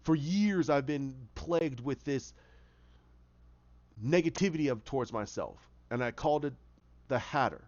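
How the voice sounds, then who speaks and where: Sad tormented villain reading his goodbye letter, slow and quiet, guy doing it, lo-fi. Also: mid-range voice, lively intonation, dry recording, close to an everyday voice. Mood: mournful. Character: tormented young male villain writing a farewell note. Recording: muffled lo-fi recording.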